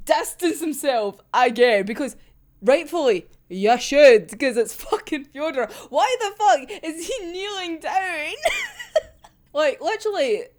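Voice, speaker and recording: A woman reacting to a manga chapter in a casual chat. Her voice is rough because she is unwell, and she swears a lot and laughs often. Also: sits high, lively intonation, measured pace, a little mellow. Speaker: manga reviewer.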